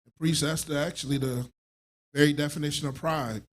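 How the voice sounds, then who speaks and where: A man reading scripture aloud in a steady, measured way during a class. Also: on the high side.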